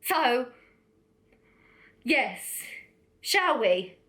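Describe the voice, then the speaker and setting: A woman's voice: a little high, very animated, drawn-out words, a bit bright. A young woman giving a casual, blunt beauty product review, chatty and laughing often. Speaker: beauty vlogger.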